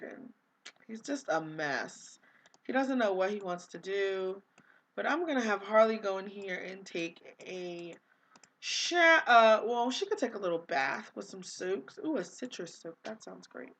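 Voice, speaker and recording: A woman's voice: medium pitch, expressive, slow pace, fairly bright tone. A young woman casually commenting on her life-sim game, chatty and easily exasperated, with lots of fillers. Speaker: gaming vlogger.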